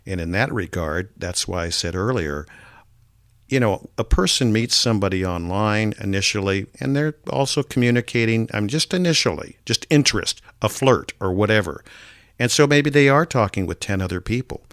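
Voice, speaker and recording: A middle-aged man hosting a radio talk show, speaking in a measured, earnest and courteous way about dating. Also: fairly low pitch, expressive, a bit bright, dry recording, clean studio sound. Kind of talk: casual chat about dating.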